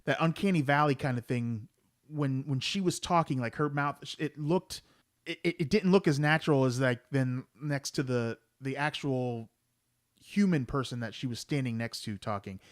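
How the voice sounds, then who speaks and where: A man's voice: mid-range voice, moderate pace, no echo, clean studio sound. A man co-hosting a movie podcast in laid-back casual chat, hesitating often. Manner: laid-back, many ums and uhs. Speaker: podcast co-host.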